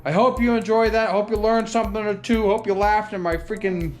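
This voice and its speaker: A woman's voice: medium pitch, steady tone, fairly quick, darkish tone, faint music behind. A woman hosting a repair vlog, muttering and swearing in frustration as she works in a hot garage. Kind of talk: casual hands-on repair vlog.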